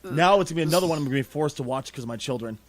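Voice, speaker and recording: A man co-hosting a casual podcast, swearing freely and ranting with lively energy. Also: fairly high pitch, very fast. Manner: profane, animated ranting. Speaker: podcast co-host.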